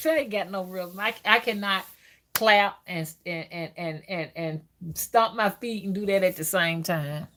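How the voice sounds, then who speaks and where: A woman's voice: lowish voice, unhurried, bright, forceful tone, slight background noise. A woman hosting a casual spiritual live stream, talking loosely with many fillers and reading out viewer comments.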